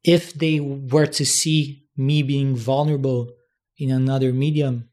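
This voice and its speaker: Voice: mid-range voice, level tone, a little slow, darkish tone. A podcast host in a casual conversation, trading short reactions and a reflective personal story.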